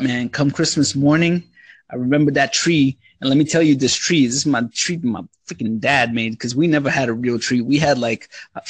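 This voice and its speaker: A man's voice: a little high, husky, dry recording. An adult man telling childhood stories in casual, profane chat, acting out voices as he goes.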